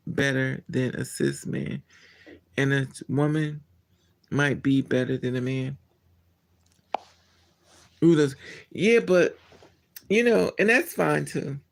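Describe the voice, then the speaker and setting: A man hosting a casual live stream, answering his chat in a blunt, candid and animated way. He laughs often and trails off mid-thought. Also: medium pitch, slow pace, vocal fry, pauses often.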